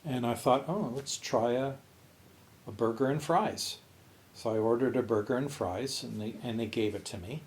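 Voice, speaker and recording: A man's voice: mid-range voice, normal speed, darkish tone, a little hiss or hum. A man co-hosting a podcast from Canada, telling a long story in casual chat, acting out the voices of his friends and swearing freely. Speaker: podcast co-host.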